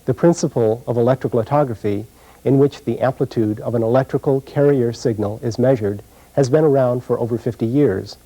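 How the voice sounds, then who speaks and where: A man giving scripted, measured narration for a technical instructional video. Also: medium pitch, dark tone, rough recording.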